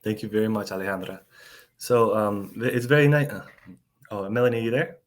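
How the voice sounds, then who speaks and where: Host: american man, lowish voice, halting casual interviewer, lots of restarts. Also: steady tone. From United States. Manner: halting, many restarts and fillers.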